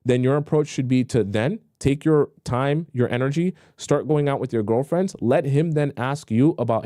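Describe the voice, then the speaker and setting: A young man gives dating advice on a live stream in a blunt, conversational way, often repeating a phrase before he finishes it. His voice sounds mellow and relaxed, with a middling pitch. The sound is dry and close, with no room around it. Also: normal speed, hardly any pauses, dry recording. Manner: blunt, repetitive, conversational, acts out pleading voices mockingly. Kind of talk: live-stream advice talk, reading viewer questions.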